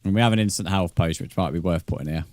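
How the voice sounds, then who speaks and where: In his twenties, this deep-voiced man talks rapid-fire while live-streaming a game. He chats casually with his viewers and swears a lot.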